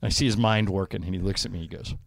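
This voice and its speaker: A deep, gravelly-voiced radio host talks fast as he tells stories in loose banter, often breaking into laughter and performing other people's lines. The sound is dry and studio clean.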